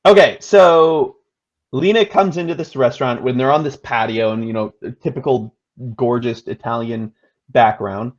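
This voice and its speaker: A man in his thirties co-hosting a casual movie chat, expressive and quick to swear and laugh. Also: mid-range voice. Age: 30s. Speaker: co-host. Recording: dull lo-fi sound.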